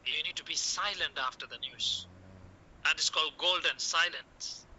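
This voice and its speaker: Bright-voiced man teaching, repeating okay. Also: fairly high pitch, expressive, moderate pace, slight background noise, rough recording. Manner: repeats "okay" often, coaching tone, acts out doctor lines. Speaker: medical communication teacher. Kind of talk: classroom lecture.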